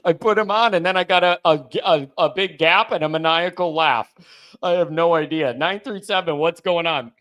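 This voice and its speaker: A man with a bright, forceful, fairly high voice hosting a live call-in stream. He chats loosely and excitedly, full of fillers and restarts as he reads messages and takes callers. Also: moderate pace. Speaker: host of a live postgame call-in show. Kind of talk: casual live-stream chat.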